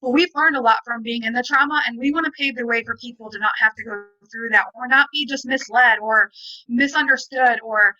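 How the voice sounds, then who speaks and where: A woman's voice: on the high side, brisk, bright, forceful tone, dry recording, low-quality recording. A woman and parent on a video call, speaking in a rambling, emphatic way and often acting out what people said to her. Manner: rambling, emphatic, retelling dialogue. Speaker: parent and guest. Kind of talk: casual conversation.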